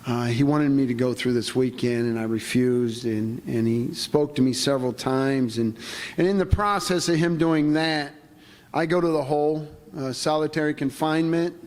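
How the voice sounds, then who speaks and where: A man's voice: medium pitch, a little mellow. Man giving testimony in a reverberant hall. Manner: plain-spoken, halting storytelling. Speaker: conference speaker. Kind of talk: personal testimony talk.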